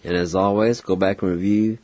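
A man teaching a language lesson, spelling out words and repeating each syllable slowly and patiently. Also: low voice, steady tone, darkish tone, no room sound. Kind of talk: slow spelled-out pronunciation lesson. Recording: dull dry lo-fi recording.

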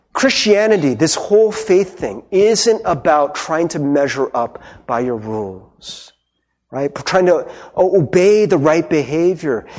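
A man's voice: sits high, darkish tone. A male pastor giving a conversational sermon, often checking in with "right?".

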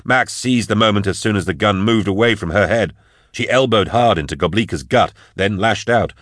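Deep-voiced male audiobook narrator. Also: no echo, studio quality. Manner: steady, measured storytelling of action scenes.

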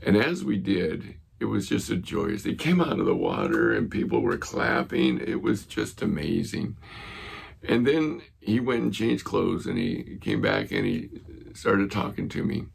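A man's voice: low voice, wildly swooping pitch, a little slow, vocal fry. A man preaching a sermon as a pastor, telling a story earnestly and retelling conversations.

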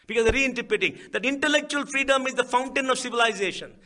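A man's voice: very high-pitched, fast, bright, forceful tone. A man with an Indian accent giving a public speech at a book event, emphatic, asking rhetorical questions and repeating key phrases. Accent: Indian English.

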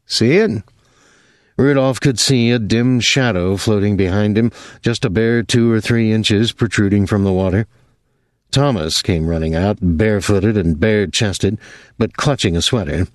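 A man reading a novel aloud in measured, even narration. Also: fairly low pitch, no echo, studio quality. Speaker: audiobook narrator. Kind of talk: scripted narration.

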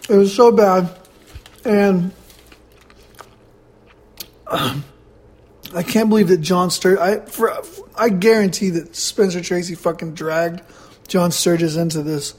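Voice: mid-range voice, steady tone, takes it slowly, pauses often, darkish tone. A podcast host rambling through a blunt, profane solo movie review while eating.

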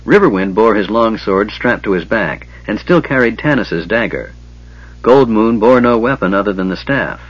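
Husky-voiced male audiobook narrator. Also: fairly low pitch, expressive, normal speed. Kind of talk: scripted fantasy narration. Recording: dull lo-fi recording.

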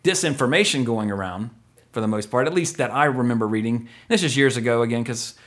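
A man's voice: medium pitch, brisk, a bit bright. A man hosting a podcast in casual chat, rambling and joking, often correcting himself mid-sentence. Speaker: podcast host.

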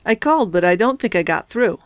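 A woman's voice: medium pitch, expressive, fairly quick, no room sound, close to an everyday voice. A woman voicing a nervous, bumbling male kidnapper who gets flustered easily. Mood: puzzled.

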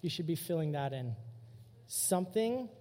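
Energetic young male youth pastor. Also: fairly high pitch, normal speed. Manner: casual, energetic, direct address. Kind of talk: sermon. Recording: long hall reverb.

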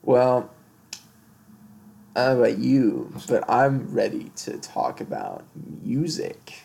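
A man co-hosting a music podcast, talking loosely and filling sentences with "like". His pitch swings widely from phrase to phrase. A gravelly fry sits at the low end of his voice. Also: huge pitch swings, takes it slowly, darkish tone. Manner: rambling, heavy use of "like". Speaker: podcast co-host. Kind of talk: casual chat about music.

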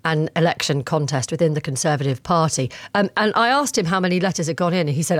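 A woman's voice: deep voice, fast talker, dry recording. A woman presenting a live breakfast radio show, reading news and probing a guest. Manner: friendly, probing questioning.

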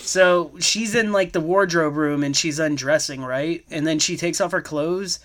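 A man's voice: on the high side, moderate pace, a bit bright. A young man co-hosting a casual podcast, retelling a movie plot with lots of filler words. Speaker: podcast co-host recapping a movie.

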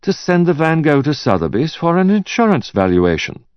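A man voicing a brisk, efficient woman who is anxious to please, pitched well above his own voice. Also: very animated, dry recording, highs cut off. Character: brisk efficient woman handling airport transfers.

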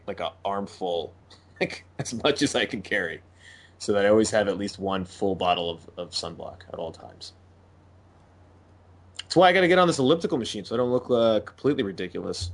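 A man co-hosting a podcast in casual chat, making wry, self-deprecating jokes. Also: on the low side. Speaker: podcast co-host.

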